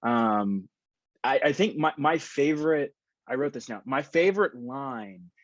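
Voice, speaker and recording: A man's voice: medium pitch, animated, measured pace, no echo. Rambling man on a dull dry line. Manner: rambling, heartfelt, many fillers. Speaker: podcast guest. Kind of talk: casual podcast chat.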